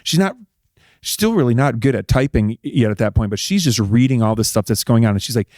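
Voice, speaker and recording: A middle-aged man, an interview guest telling a personal story in a casual, animated way and acting out what people said. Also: mid-range voice, fairly quick, no room sound, clean studio sound. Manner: animated, acts out quoted dialogue. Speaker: interview guest, husband of a politician.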